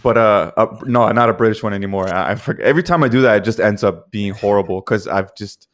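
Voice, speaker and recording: A man's voice: fairly low pitch, quick pace. A man from Denmark co-hosting a podcast, chatting casually and joking with laughs. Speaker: podcast co-host. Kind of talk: casual chat.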